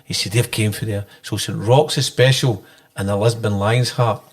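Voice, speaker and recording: A man's voice: fairly low pitch, fairly even intonation. A Scottish man hosting a podcast, chatting casually with many fillers. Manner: halting, many fillers, recounts quotes. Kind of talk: casual chat.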